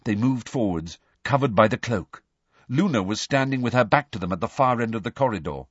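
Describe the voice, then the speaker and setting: A man reading a novel aloud as an audiobook narrator, measured and even. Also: medium pitch, breathy edge, no echo, dull audio.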